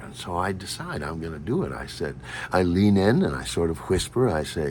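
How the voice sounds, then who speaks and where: Animated wry male storyteller. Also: deep voice, moderate pace, slight background noise. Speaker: storyteller host. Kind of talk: humorous personal storytelling.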